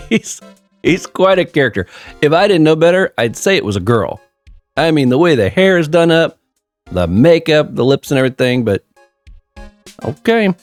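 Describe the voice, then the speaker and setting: A man's voice: on the high side, sing-song, moderate pace, long pauses, faint music behind. A man hosting a let's play, reading the dialogue aloud and making chatty, giggly asides. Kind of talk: casual game commentary, reading dialogue aloud.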